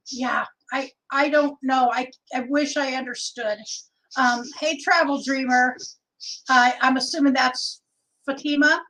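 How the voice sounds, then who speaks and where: A woman's voice: high-pitched, steady tone, slow pace, bright, forceful tone, poor audio. A middle-aged woman from Oregon hosting a casual livestream, chatting and reading viewer comments aloud. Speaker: livestream host.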